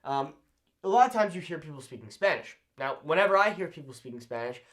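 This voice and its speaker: An upbeat young man teaching to camera, his voice swinging widely in pitch and sitting a little high. He keeps a casual, encouraging tone and ends point after point with "okay?". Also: lively intonation, fast, fairly bright tone. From Southern California. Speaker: language learning YouTuber.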